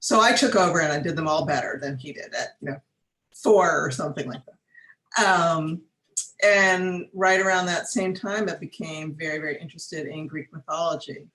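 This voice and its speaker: A woman being interviewed as a guest artist, speaking thoughtfully with frequent pauses and fillers over a video call. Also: sits low, fairly bright tone, echoey room, poor audio. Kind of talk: conversational interview.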